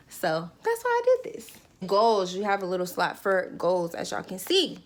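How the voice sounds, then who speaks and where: A woman's voice: medium pitch, very animated, brisk, hardly any pauses, fairly bright tone. A young woman talking casually and animatedly straight to her viewers in a goal-setting vlog. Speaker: vlogger.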